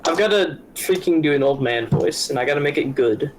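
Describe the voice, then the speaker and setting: A man's voice: a little high, animated, a little fast, noisy background. A man playing a tabletop game, chatting casually and describing his character as he thinks aloud.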